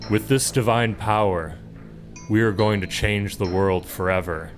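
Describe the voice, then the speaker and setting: A man voicing an ambitious male elder who craves power, speaking forcefully. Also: lowish voice, a little slow, soft background music, close to an everyday voice. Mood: fervent. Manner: forceful, emphatic.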